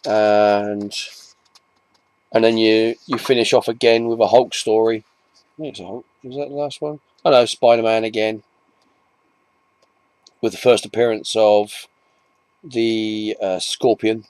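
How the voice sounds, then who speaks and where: A man's voice: on the low side, steady tone, unhurried, pauses often, darkish tone, clean tone, dry recording. A man with an English accent chatting casually to camera, rambling and often restarting his sentences, with self-mocking asides. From England. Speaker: comic collector vlogger.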